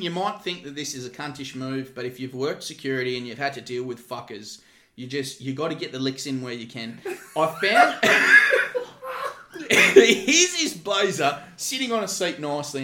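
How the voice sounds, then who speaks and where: A little high, bright and forceful, the voice belongs to a former security guard in his thirties with an Australian accent. As a podcast guest he trades profane, brash security stories in casual conversation, recorded in an echoey room.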